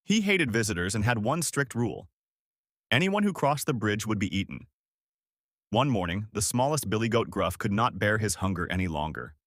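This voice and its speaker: Animated male bedtime storyteller. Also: lowish voice, normal speed, no echo, studio quality. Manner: dramatic, sing-song storytelling. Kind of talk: scripted bedtime story narration.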